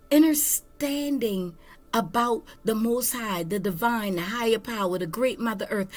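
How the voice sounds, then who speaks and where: A woman giving a spiritual tarot reading, slow, emphatic and earnest. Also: fairly high pitch, darkish tone. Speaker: tarot reader.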